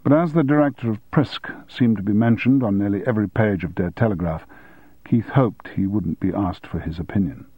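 Husky low-voiced male audiobook narrator. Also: no echo. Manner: measured storytelling. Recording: dull dry studio audiobook recording.

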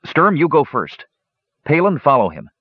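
Young warrior leader, terse and commanding, read by a man, higher than his narration, lo-fi recording. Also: wildly swooping pitch, normal speed, husky, no echo, exaggerated voice. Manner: curt orders.

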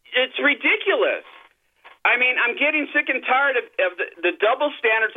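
An agitated male caller vents on a call-in show, heated and indignant, going over the same points again and again. His voice catches with emotion as he talks. The sound comes through a thin, tinny phone line. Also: very high-pitched. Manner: heated, indignant, repeats himself. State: upset, voice breaking. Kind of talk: angry call-in rant.

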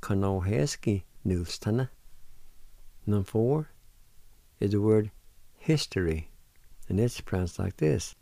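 A man hosting a radio language lesson who patiently spells words out letter by letter and sounds out each syllable, gently encouraging learners not to give up. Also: on the low side, animated, measured pace, vocal fry, pauses often, no room sound. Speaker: radio host teaching language.

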